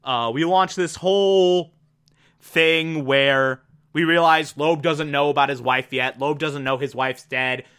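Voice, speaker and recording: Excitable bright-voiced man recapping. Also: on the high side, unhurried, clear, resonant tone. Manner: enthusiastic, rambling, laughs at himself. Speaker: TV episode reviewer. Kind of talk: casual recap monologue. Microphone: desk mic.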